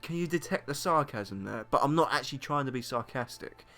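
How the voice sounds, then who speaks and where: Young british guy vlogging, rambly and self-deprecating, average pitch, faint music under him. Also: animated, brisk, bright, forceful tone. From Britain. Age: young adult. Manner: rambling, self-mocking, frequent laughs and fillers. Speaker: YouTuber. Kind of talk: casual vlog monologue.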